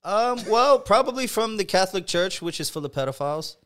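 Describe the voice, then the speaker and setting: A man co-hosting a podcast, joking around with quick sarcastic asides. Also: high voice, expressive, a bit bright. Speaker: podcast co-host. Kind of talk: casual chat.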